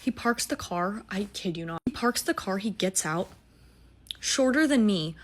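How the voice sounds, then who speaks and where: A woman's voice: mid-range voice, animated, moderate pace. A woman in her twenties, a musical theater student, telling a date story in a casual, self-mocking way with lots of swearing and acted-out dialogue. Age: 20s.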